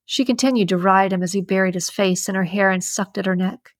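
A woman hosting a podcast, reading an erotic thriller novel aloud in a steady, measured way. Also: medium pitch, dry recording, studio quality. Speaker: podcast host and reader.

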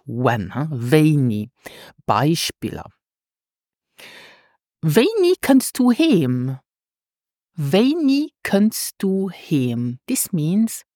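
A woman teaching a language lesson, patiently repeating words slowly for pronunciation. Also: sits low, darkish tone, no room sound, studio quality.

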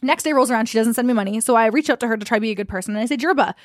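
Young woman, brisk casual storyteller. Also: fairly high pitch, no room sound, clean studio sound. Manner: animated, swearing, acts out quotes. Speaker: podcast co-host.

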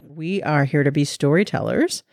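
A woman's voice: low-pitched, moderate pace, a little mellow, no room sound, soft background music. A woman co-hosting a podcast, teasing and dry in casual banter. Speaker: podcast co-host.

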